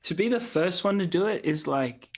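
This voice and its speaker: A man's voice: sits high, expressive, moderate pace. A man who is a podcast guest, chatting casually with enthusiasm, saying "dude" and "yeah" a lot and laughing often. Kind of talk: casual chat.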